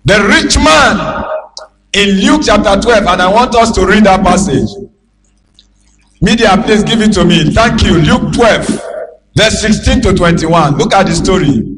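A man with a Nigerian accent preaching a sermon as a pastor, emphatic and calling out to the congregation for responses, with bursts of shouting. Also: high voice, normal speed, low-quality recording.

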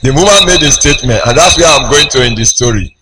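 A man preaching a sermon, slow and emphatic, with big swings in pitch as he tells a story. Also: expressive. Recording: noisy background with clicks.

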